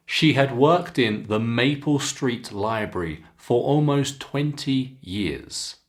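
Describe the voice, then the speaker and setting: A man with a British English accent teaching pronunciation, reading a story aloud slowly and clearly between instructions to pause and practise. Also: mid-range voice, animated. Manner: slow, deliberate, clearly enunciated reading with instructions to repeat.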